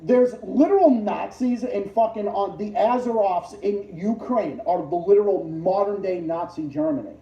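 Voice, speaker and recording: A man hosts a casual livestream and rants in a profane, combative way. He circles back over the same points, flaring up loudly and then dropping to low mutters. His voice sounds very dark and mellow, and it comes through a dull, roomy recording with a lot of echo. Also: normal speed, hardly any pauses. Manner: profane, combative, repetitive ranting that swings between loud outbursts and low mutters. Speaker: livestream host. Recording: muffled, roomy, distant lo-fi mic.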